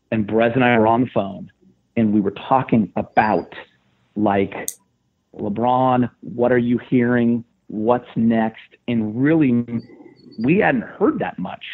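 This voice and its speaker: A man, a sports radio host, retelling a story in casual podcast talk, getting animated and loud as he goes. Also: breathy edge. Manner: excited, animated retelling with rising pitch. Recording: tinny phone line.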